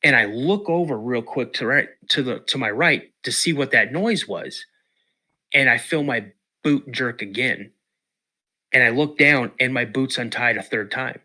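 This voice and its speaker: A man's voice: medium pitch, measured pace. A middle-aged man, a podcast guest, telling a story casually with lots of repeats and restarts. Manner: animated, repeats words and restarts.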